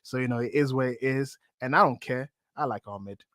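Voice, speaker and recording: A man's voice: medium pitch, fairly quick, fairly bright tone, dry recording. A man guesting on a podcast, chatting in a playful, rambling, jokey way over a video call. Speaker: guest pundit. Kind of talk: casual podcast chat.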